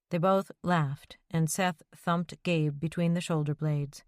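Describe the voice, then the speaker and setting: A woman reading an audiobook in measured scripted narration. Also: low-pitched, steady tone, a little mellow, no room sound, clean studio sound.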